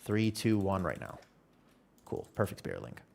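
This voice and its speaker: Male streamer, casual and rambling, pitch low but very expressive, talks while playing. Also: normal speed, creaky. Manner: animated rambling storytelling, many restarts. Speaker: live streamer.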